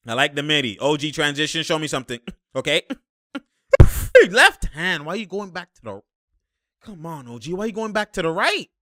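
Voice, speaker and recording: A young man talking casually and excitably as he reacts to basketball footage, laughing and using slang. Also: on the high side, moderate pace, long pauses, no room sound, studio quality. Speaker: sports commentator reacting to game footage. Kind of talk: casual live game reaction.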